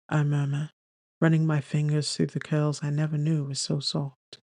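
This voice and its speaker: Male narrator, first-person romance audiobook, gentle storytelling, gravelly, dry close mic. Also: fairly high pitch, completely flat delivery, normal speed, no echo.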